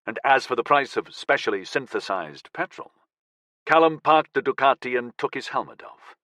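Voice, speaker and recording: In clean studio sound with no echo, a man narrates an audiobook from a script. His medium-pitched voice keeps to an even, measured reading.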